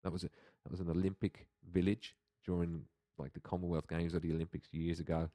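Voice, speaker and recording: A man's voice: low-pitched, level tone, fast, dark tone, no room sound. An Irish man chatting casually as a podcast guest, rambling and laughing often. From Ireland. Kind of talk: casual chat.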